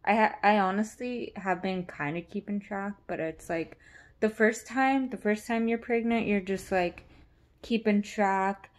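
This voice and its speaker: A woman's voice: mid-range voice, unhurried. Candid young woman rambling on a vlog. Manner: candid, rambling, with frequent fillers. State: pregnant. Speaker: vlogger.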